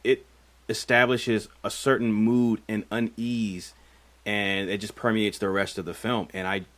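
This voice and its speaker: A man with a fairly low voice co-hosts a casual film podcast. He talks in a rambling, thoughtful way, circling back with fillers and restarts as he weighs his picks. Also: little pitch movement, measured pace, fairly bright tone. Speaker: podcast co-host.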